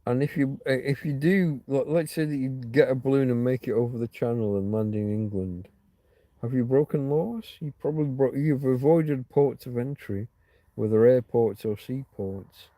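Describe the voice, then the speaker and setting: A man's voice: medium pitch, moderate pace, dark tone, no room sound. A man hosting a casual livestream, rambling through stories and answering viewer comments. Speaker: livestream host.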